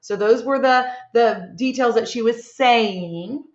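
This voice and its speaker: A woman teacher leading a slow, encouraging reading lesson for young children, asking many tag questions. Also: on the high side, a little mellow, soft background music. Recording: echoey room, dull lo-fi sound.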